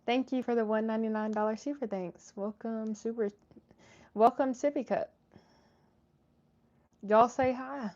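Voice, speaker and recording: A woman's voice: fairly high pitch, steady tone, a little slow, long pauses, darkish tone. Woman chatting on a livestream, reading off chat, lots of ums, kinda muffled sound. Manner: chatty, many fillers and restarts. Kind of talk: casual live chat.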